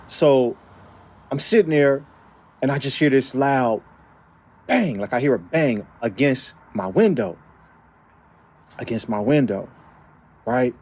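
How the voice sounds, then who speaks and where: A man from the Bay Area tells a story from his own life in a loose, casual vlog manner. He leans hard on key phrases and repeats them for effect, tossing in tag questions as he goes. His voice sits at an ordinary middle pitch. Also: lively intonation, slow, long pauses, a little mellow. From San Francisco Bay Area. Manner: informal speech with frequent tag questions. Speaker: vlogger.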